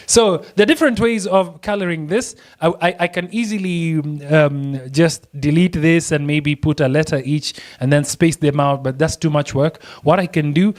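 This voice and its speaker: Male design tutor, excitable and chatty, somewhat high-pitched. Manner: excitable, chatty, laughs often. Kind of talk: screen-recorded software tutorial.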